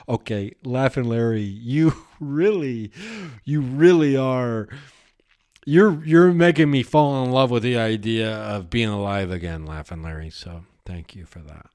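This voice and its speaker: A man's voice: mid-range voice, a little mellow, clear, resonant tone. A man hosting a podcast in a rambling, improvised comic monologue, often breaking into giggles and chatting to imaginary characters. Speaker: podcast host.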